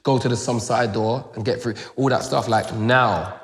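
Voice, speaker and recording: A young man with a London accent, telling a story in a casual interview with rapid, animated retelling full of "boom" and "da da" fillers. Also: big-room sound. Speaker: grime MC, interview guest.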